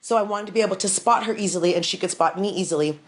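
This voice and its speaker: A woman's voice: medium pitch, rapid-fire. A woman interviewer and mother, talking in a casual, gushing, repetitive way, tearful and emotional. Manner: gushing, effusive, repeats herself, gasps and exclaims. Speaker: interviewer, mother of an autistic daughter.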